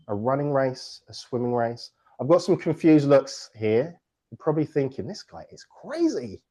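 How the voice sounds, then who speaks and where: A man hosting a virtual book launch on a video call, playful and jokey, leading party games and sometimes out of breath. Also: a little high. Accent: non-American English. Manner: lively, playful, jokey, breaks into laughter. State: out of breath at times.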